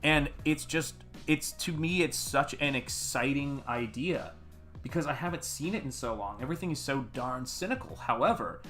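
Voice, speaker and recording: A man's voice: mid-range voice, expressive, normal speed, fairly bright tone, faint music behind. A man from America hosting a casual art livestream, rambling and chatty as he greets viewers in the chat. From United States. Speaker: artist livestream host.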